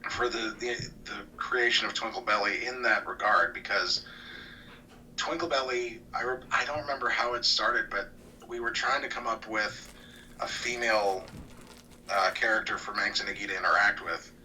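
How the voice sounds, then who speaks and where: Man, casual interview guest, rambling, restarts, lower pitch, far from mic, faint noise. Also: fairly even intonation, moderate pace. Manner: rambling with many restarts, trailing quieter. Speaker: guest, cartoon historian.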